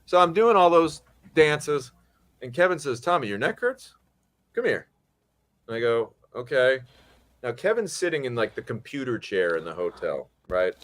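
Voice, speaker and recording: A man hosting a podcast, telling a story in casual chat, animated and profane, acting out what people said. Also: mid-range voice, moderate pace. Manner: animated, acts out quotes, swears freely. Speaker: podcast host.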